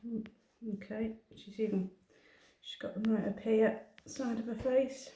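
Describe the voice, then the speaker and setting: Woman, cat groomer, soothing and cooing, slightly high voice, echoey room. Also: fairly even intonation, unhurried. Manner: soothing, coos gently to the cat while explaining. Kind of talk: talking through a grooming session.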